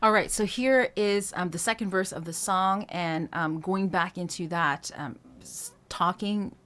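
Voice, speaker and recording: A woman's voice: lowish voice, unhurried, fairly bright tone, soft background music. A woman vocal coach giving a singing lesson, explaining technique in a casual way and breaking into short sung phrases to demonstrate. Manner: casual, thinks aloud with fillers.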